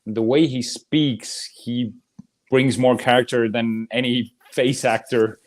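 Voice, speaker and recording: Co-hosting a movie debate show, a man from the US speaks slowly in a medium-pitched voice. He's animated and casual, cursing freely and breaking into laughter a lot.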